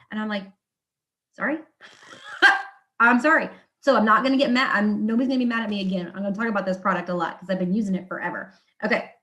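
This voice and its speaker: A woman with a medium-pitched voice presents beauty products at a live event. Her delivery is chatty and enthusiastic. She drops in quick asides and restarts as she goes. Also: a bit bright. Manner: chatty and enthusiastic, acts out quotes of others.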